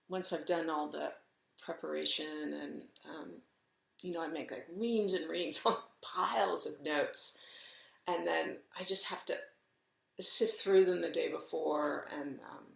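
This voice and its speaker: A middle-aged woman gives a Zen dharma talk at an unhurried pace, her lowish voice carrying a gravelly edge. She speaks gently and reflectively, with soft pauses. The room around her is echoey. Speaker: Zen teacher.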